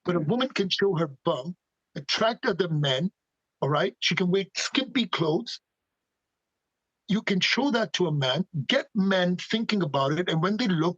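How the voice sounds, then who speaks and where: A man's voice: sits high, fairly bright tone, husky, dry recording, dull audio. A man speaking passionately as a podcast guest, firing off emphatic rhetorical questions. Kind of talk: animated conversational opinions.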